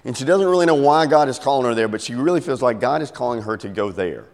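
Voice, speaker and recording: A man's voice: medium pitch, lively intonation, fast talker. A middle-aged man preaching a sermon, telling a story and acting out its voices with big swings. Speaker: pastor. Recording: long hall reverb.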